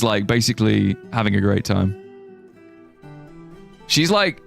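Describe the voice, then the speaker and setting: A young man with a creaky, mid-range voice streams a game, chatting casually and rambling. He jokes around and reads his viewers' messages aloud as live gameplay commentary.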